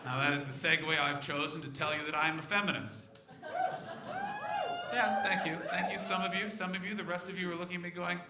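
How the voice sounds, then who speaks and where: A brash, profane male stand-up comic with a fairly high voice that leaps into sudden yells. He works a comedy club stage, and his voice echoes around the room. A constant crowd murmur sits underneath. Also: fast talker, noisy background. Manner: brash, profane, bursts into shouting.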